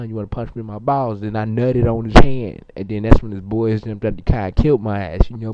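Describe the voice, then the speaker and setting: This is a muffled, lo-fi amateur recording with a little hiss or hum, featuring a young man's lowish voice that's close to an everyday one. He improvises a comedy monologue in character as someone crude, boastful, and foul-mouthed. It's rambling, profane, and stumbling, with plenty of fillers.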